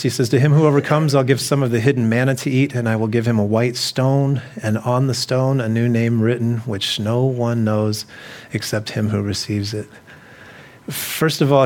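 A middle-aged man preaching a sermon to a congregation in a loose, conversational way, often repeating himself and putting questions to the listeners. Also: medium pitch. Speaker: pastor.

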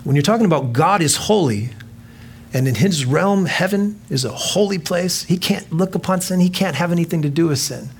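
A man's voice: a little high, animated, normal speed, husky. A man pastor preaching a sermon in a casual, joking way, acting out quoted voices and laughing at himself.

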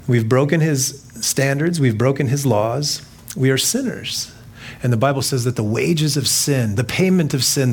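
A man's voice: fairly high pitch, slightly rough. A man pastor preaching a sermon in a casual, joking way, acting out quoted voices and laughing at himself.

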